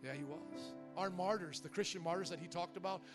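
A man preaching a sermon as pastor, asking the congregation questions and rising into loud, fervent prayer. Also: high-pitched, a little fast. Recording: church service audio with music behind.

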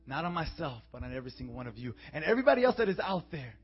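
A young man preaching as a youth pastor, calling for amens and swinging from quiet, intimate talk to shouted declarations. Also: fairly high pitch, sing-song, racing, slightly rough. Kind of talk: sermon. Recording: dull, muffled sound with faint music.

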